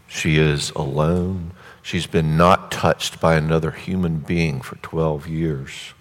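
A male preacher delivers a sermon as a vivid, conversational story. His voice is deep and low. Long hall reverb follows his words through a large church space.

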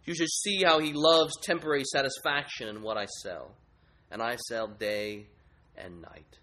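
A man's voice: medium pitch, fairly even intonation, moderate pace, pushed and bright, natural voice. A man voicing a sly female lust idol.

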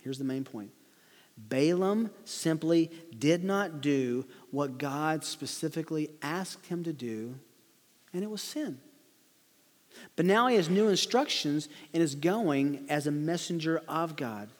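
A man reading and explaining a Bible story to children, with animated storytelling and light chuckles. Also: fairly high pitch, slow pace, big-room sound. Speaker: preacher teaching children. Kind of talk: Bible lesson for kids, read-aloud with commentary.

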